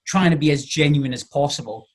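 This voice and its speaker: A man's voice: on the high side, brisk. A man talking as a podcast guest, a coach chatting casually and explaining ideas with lots of everyday examples and filler phrases.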